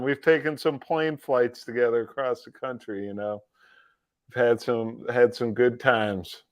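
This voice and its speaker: Here a livestream political commentary host talks a little slowly in a mid-range voice with fairly even intonation, recorded dry. He's mocking and sarcastic, laughs a lot, and repeats words as he starts sentences over.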